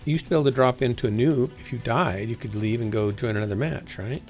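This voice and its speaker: A man's voice: mid-range voice, fast, darkish tone, soft background music. A man chatting casually to a small chat while playing a game on a livestream, rambling to himself and sometimes yawning. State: yawning, tired. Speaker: livestreaming gamer.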